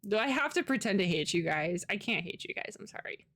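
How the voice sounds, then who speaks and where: A woman's voice: medium pitch, lively intonation, brisk, fairly bright tone. Chatty American woman streamer. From United States. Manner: chatty, rambling, laughs often. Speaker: livestreamer. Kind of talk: casual chat with live viewers.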